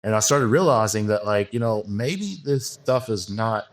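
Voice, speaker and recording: A bodybuilding coach, appearing as a podcast guest, tells a frank, rambling story packed with fillers and restarts in casual interview talk. His voice is on the low side, expressive, at a moderate pace.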